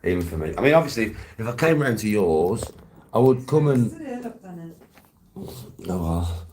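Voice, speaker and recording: Deep-voiced man chatting, swearing. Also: big pitch swings, a little slow, darkish tone. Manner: swearing, rambling storyteller. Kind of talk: casual chat with viewers.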